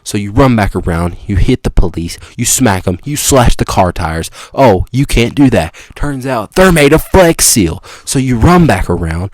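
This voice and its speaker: Speaking at a moderate pace with few pauses, a young man hosting a podcast tells the listener an improvised funny story in an excited, rambling way. His pitch and loudness leap abruptly, and the sound is dry.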